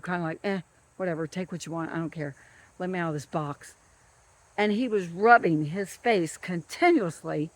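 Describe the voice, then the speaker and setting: Emphatic person ranting about a scorching day. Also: medium pitch. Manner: emphatic and repetitive, stressing words over and over. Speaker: government field worker. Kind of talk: upset ranting monologue.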